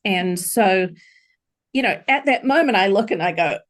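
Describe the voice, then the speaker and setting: A woman's voice: mid-range voice, animated, moderate pace. A middle-aged woman, a podcast guest, earnestly recounting a personal story in an interview.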